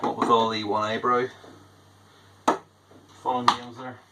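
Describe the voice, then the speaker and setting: A man's voice: mid-range voice, flat delivery, unhurried, very noisy. Chatty man talking through his home brew. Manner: chatty, rambling, self-deprecating. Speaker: homebrewer. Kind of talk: casual home-brewing vlog.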